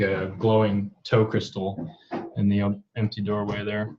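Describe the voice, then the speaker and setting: A man's voice: lowish voice, flat delivery, normal speed, a little mellow, distant mic, muffled recording, a little hiss or hum. A man narrating a tabletop game as game master, casual and loose with fillers.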